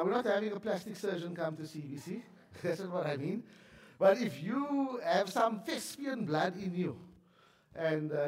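A man's voice: fairly high pitch, a little mellow, echoey room. A male pastor giving church announcements with a frog in his throat, chatty and self-deprecating with many fillers. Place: church sanctuary.

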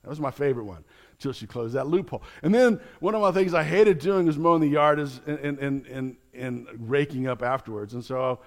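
A man's voice: mid-range voice, fairly quick. A man, a pastor, preaching a sermon in an earnest, explanatory teaching manner with light chuckles.

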